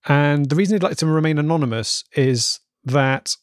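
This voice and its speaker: A man's voice: fairly high pitch, moderate pace, dry recording. A man from England co-hosting a comedy podcast, reading listener emails aloud with dry amusement. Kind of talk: casual chat.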